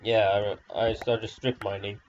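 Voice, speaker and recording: A man's voice: lowish voice, flat delivery, unhurried, a little hiss or hum. A man rambling through gameplay commentary, self-deprecating and sarcastic, in a dull lo-fi recording. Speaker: gamer.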